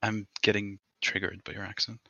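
A man's voice: lowish voice, monotone, brisk, creaky, sharp tone, no echo, lo-fi sound. A man co-hosting a podcast in casual chat, rambling and swearing, laughing often. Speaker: podcast co-host.

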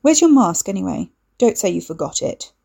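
A woman's voice: medium pitch, big pitch swings, moderate pace, creaky, slightly rough, heavily acted. A woman reading the lines of a needy young woman who turns cold and accusing. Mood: sarcastic. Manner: accusing, sharp, clingy. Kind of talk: audiobook dialogue reading.

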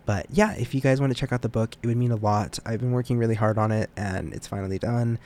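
A man's voice: mid-range voice, steady tone, fast talker, dark tone. Rambling young man hosting a podcast. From United States. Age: young adult. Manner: rambling, self-deprecating, stumbles over words. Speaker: podcast host. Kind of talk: casual solo podcast chat.

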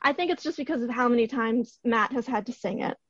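A young woman co-hosting a casual fan podcast, playful, at times rattling off joke disclaimers quickly. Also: a little high, breathy edge, dry recording, highs cut off. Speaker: podcast co-host.

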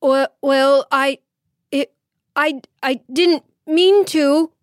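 A woman's voice: mid-range voice, slow pace, no room sound, clean studio sound, natural voice. A woman doing a wailing, mortified merchant. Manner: stammering, wailing self-reproach. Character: Abu Hassan, mortified, self-pitying grown merchant.

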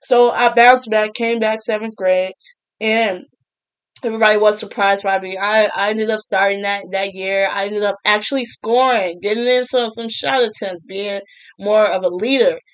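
A woman's voice: medium pitch, fairly even intonation, normal speed. A young woman telling a casual storytime, chatty, with frequent laughs and restarts. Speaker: vlogger.

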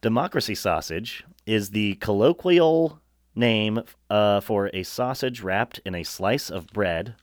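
A man's voice: fairly low pitch, expressive, dry recording. American guy on a podcast reading out facts, trips on words, dry close sound. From United States. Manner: reads facts slowly, stumbles on words, laughs often. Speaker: podcast co-host. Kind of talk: casual chat, reading notes aloud.

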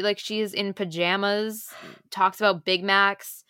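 A young woman co-hosting a podcast, retelling romance plots in an animated, breathless rush. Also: medium pitch, unhurried, clean tone, no room sound, clean studio sound. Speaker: podcast co-host. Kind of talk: casual chat about romance novels.

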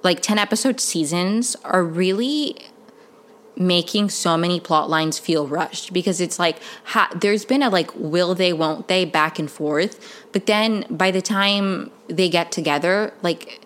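A woman's voice: fairly low pitch, unhurried. A young woman casually recapping a TV show, chatty and full of filler words and restarts. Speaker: TV recap vlogger.

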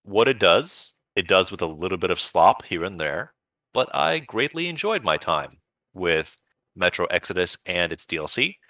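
A man's voice: deep voice, big pitch swings, normal speed, sharp tone, dry recording. A man co-hosting a podcast, chatting casually and enthusiastically about video games, rambling with bursts of playful emphasis. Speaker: podcast co-host.

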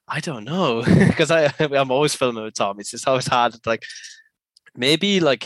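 A man's voice: mid-range voice, fairly bright tone, no echo. A man, a podcast guest telling skate-filming stories in casual chat, laughing often, swearing freely and acting out other people's voices. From South Wales. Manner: laughing, swears a lot, acts out quoted voices.

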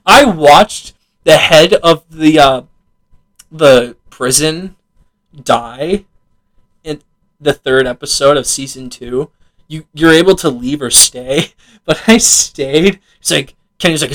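A young man chatting casually on a gaming podcast, his voice sitting a touch high. He laughs often, swears freely and acts out lines of game dialogue as he tells them. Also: slow pace, fairly bright tone, low-quality recording. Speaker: podcast co-host. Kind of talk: casual chat about video games.

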